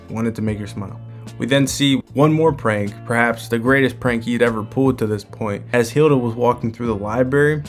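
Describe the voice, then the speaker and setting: A man hosting a manga breakdown in a casual commentary style, using plenty of "like" and "you know". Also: mid-range voice.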